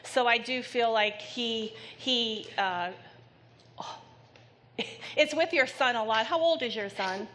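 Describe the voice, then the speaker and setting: Bright-voiced woman medium on stage. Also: on the high side, slight background noise. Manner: gentle, halting, with many pauses and fillers. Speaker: psychic medium. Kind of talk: live stage reading to an audience member. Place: theater stage before an audience.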